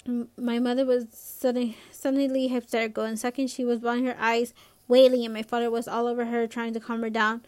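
A woman's voice: fairly high pitch, flat delivery, fairly quick, darkish tone. A young woman reading a novel aloud in a casual way, stumbling now and then. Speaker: reader.

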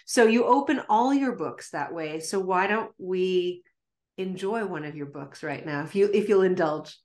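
A woman's voice: on the low side, animated, a little slow, a little mellow. A woman hosting an interview podcast, affirming and encouraging her guest. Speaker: podcast host. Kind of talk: interview conversation.

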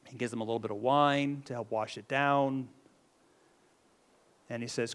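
A man's voice: mid-range voice, steady tone, moderate pace, long pauses, fairly bright tone. A man preaching a sermon in a conversational way, often checking in with the listeners and restarting his phrases. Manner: conversational, keeps adding "right?", frequent restarts.

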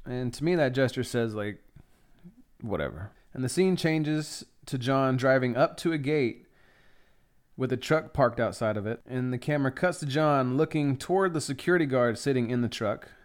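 A young adult man talks through a film one scene at a time, chatty and openly excited, with some swearing. His voice is smooth and resonant. His pitch sits in the middle for a man. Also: moderate pace. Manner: chatty and enthusiastic, swears freely. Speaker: podcast host. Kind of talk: casual scene-by-scene film recap.

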